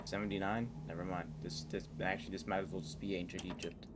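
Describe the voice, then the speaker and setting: A young man doing casual gameplay commentary on a horror game, excitable and swearing a lot as he talks to himself. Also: deep voice, fast. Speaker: gaming YouTuber. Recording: noisy game audio.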